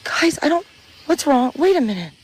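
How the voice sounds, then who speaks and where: A woman filming herself outdoors in dark woods at night on a handheld camera, talking to viewers in a frightened, pleading, panicky way and swearing. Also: sits high, big pitch swings, moderate pace. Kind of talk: frightened live commentary to viewers.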